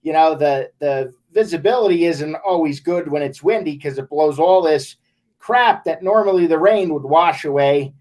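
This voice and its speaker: A man from the Las Vegas area hosting a casual sports show, his voice pitched high for a man. He talks in a halting way, stammering over restarts and filling pauses with "you know.". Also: darkish tone.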